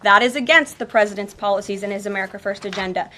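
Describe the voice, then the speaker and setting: A woman giving a press briefing as press secretary, speaking firmly and deliberately. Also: mid-range voice, bright, forceful tone, a little hiss or hum. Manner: firm, deliberate delivery.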